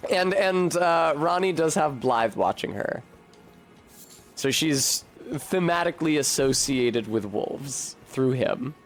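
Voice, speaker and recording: Man, casual gameplay commentary, slightly high voice, rambling and profane, faint game music behind. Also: lively intonation, slow pace. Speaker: streamer.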